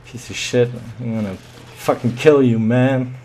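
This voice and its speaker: A man's voice: medium pitch, steady tone, measured pace, warm tone, a little hiss or hum. A man commentating his own shooter match live, muttering and swearing with sudden yelps.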